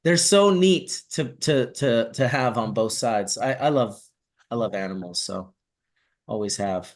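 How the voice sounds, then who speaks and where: Male host, mid-pitched, easygoing raconteur with a salty mouth. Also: a little slow. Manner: animated storyteller, swears casually. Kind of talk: casual chat.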